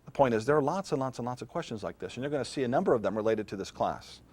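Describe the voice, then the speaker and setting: A middle-aged man lectures on philosophy to a class. His delivery is conversational and unscripted, with pauses to put questions to the room. His voice sits at an ordinary pitch for a man. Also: expressive, darkish tone. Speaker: philosophy professor.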